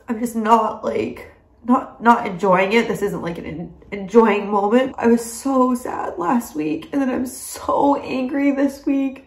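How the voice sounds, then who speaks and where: Young female vlogger, tearful and emotional, slightly high voice, recorded on a phone in an echoey room at home. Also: takes it slowly, creaky. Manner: emotional, tearful, laughing through tears. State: crying. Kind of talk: personal video diary.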